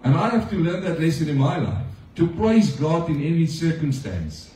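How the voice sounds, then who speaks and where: A man's voice: a little high, sing-song, normal speed, dark tone, recorded from a distance. Man, pastor, conversational sermon, rhetorical questions, echoey church room, a bit off-mic.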